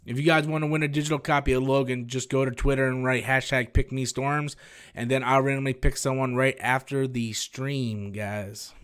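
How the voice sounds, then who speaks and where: A man hosting a casual live-stream Q&A, rambling and animated as he answers viewer questions and swears freely. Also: medium pitch, normal speed, clear, resonant tone.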